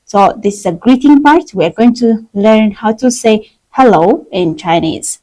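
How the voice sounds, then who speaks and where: A Chinese teacher runs a live-streamed language class, slowly drilling words for her viewers to repeat. Her fairly high, mellow voice rises and falls a lot with lively intonation, her pace is unhurried, and her English is simple and non-native. The recording is rough.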